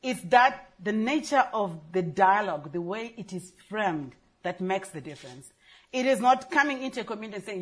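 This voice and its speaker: A woman's voice: mid-range voice, expressive, a little fast. Woman on a conference panel, earnest, hammers home her points. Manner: earnest, emphatic, repeats key phrases. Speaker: panel speaker for a girls' education charity.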